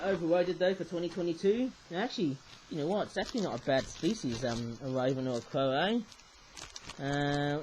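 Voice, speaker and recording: High-voiced man rambling over toys. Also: darkish tone, low-quality recording. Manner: rambling, often tags sentences with "eh?". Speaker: toy reviewer. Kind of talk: casual show-and-tell vlog.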